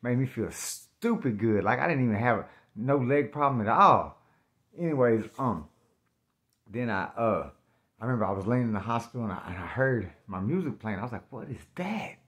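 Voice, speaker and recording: Man, casual slangy storyteller, middle-pitched voice, animated delivery, loud bursts when acting out scenes. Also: moderate pace.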